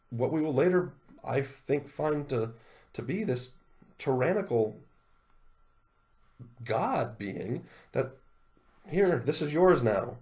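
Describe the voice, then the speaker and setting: A man hosting a video reads scripture aloud in a solemn cadence, then comments on it in an animated, indignant way. His voice is on the high side.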